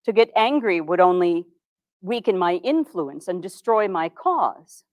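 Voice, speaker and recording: Brief: actress as earnest 1860s reformer, formal first-person monologue, dry close sound. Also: female voice, on the low side, lively intonation, darkish tone, no room sound, highs cut off. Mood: recounting. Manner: formal, measured old-fashioned diction. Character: earnest 1860s woman reformer, composed and dignified. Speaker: historical reenactor.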